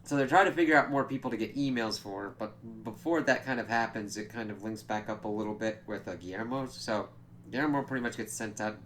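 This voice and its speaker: A man's voice: on the low side, brisk, a little hiss or hum. A man giving a casual, rambling spoken review of a TV episode, with loose asides and frequent fillers.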